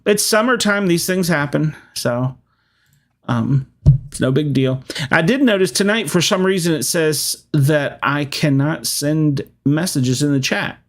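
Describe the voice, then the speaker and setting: Podcast host guy, gravelly voice, rambly, laughs a lot. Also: fairly high pitch. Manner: rambling, laughs often, lots of fillers. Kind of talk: casual live-stream chat.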